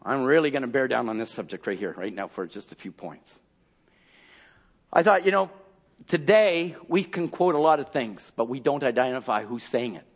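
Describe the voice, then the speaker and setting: A man preaching a fiery sermon, calling out to his congregation and often rising into shouted exhortation. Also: mid-range voice, big pitch swings, moderate pace.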